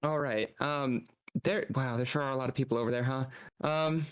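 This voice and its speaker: A man's voice: mid-range voice, steady tone, normal speed, smooth, no echo. A man playing a tabletop game, asking hesitant questions in character. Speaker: player.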